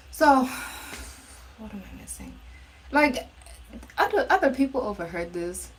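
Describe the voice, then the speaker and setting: A woman's voice: high voice, sing-song, unhurried, pauses often, poor audio. A woman telling a storytime in a casual, blunt and profane way, rambling with restarts. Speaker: live streamer.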